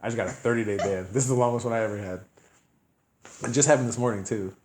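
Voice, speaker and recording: Low-voiced man telling loose stories. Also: quick pace, noisy background. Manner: laughing, loose storyteller. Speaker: podcast host. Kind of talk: casual podcast chat. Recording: echoey room.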